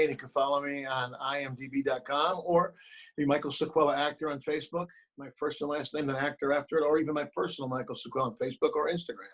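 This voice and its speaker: Animated man telling stories on a call. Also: fairly high pitch, fast, soft background music, low-quality recording. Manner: animated storyteller, acts out quoted voices. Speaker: actor and producer, guest. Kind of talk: remote interview, storytelling advice.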